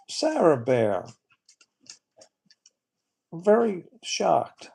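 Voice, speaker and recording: Man with a gravelly voice chatting on a livestream. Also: mid-range voice, unhurried, pauses often, a little mellow. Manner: rambling, repeats words, exclaims in disbelief. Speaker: livestream host. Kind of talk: casual livestream chat.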